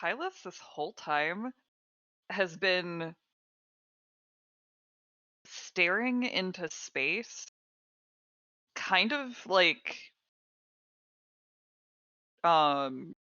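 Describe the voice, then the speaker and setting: Low-pitched, bright-voiced woman player. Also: dry recording. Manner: slow, thoughtful, with hesitations. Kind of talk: describing her character in a tabletop game. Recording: dull, dry lo-fi mic.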